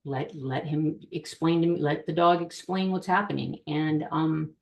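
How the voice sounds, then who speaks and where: A woman's voice: sits low, steady tone, moderate pace, creaky, a little mellow, roomy sound. A woman animal communicator speaking earnestly as a podcast guest in short, firm statements. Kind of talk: casual podcast chat.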